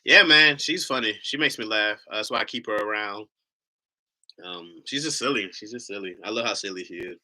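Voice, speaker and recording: A man's voice: fairly low pitch, fairly quick, sharp tone. A man hosting a casual livestream, a rambling storyteller who laughs often. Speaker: livestream host.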